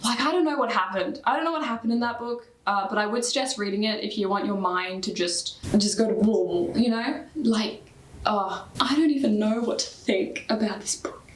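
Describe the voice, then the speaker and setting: A young Australian woman in her twenties, chatting casually about books, full of "like" fillers and quick bursts of speech. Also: medium pitch, echoey room, a little hiss or hum. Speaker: book vlogger. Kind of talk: casual book review chat.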